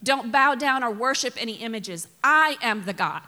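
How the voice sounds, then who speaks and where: A woman's voice: a little high, expressive, moderate pace, bright, forceful tone, big-room sound. A woman preacher voicing God as a stern male figure who scolds in blunt, exasperated commands. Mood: insistent.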